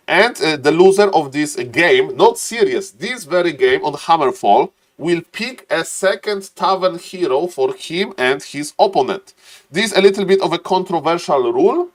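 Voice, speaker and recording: An excitable man casts a strategy game live, with a somewhat high voice. He chats with viewers between plays and laughs often. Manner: excitable, laughs often, repeats "ladies and gentlemen". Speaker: game caster and streamer. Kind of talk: live esports commentary and chat reading.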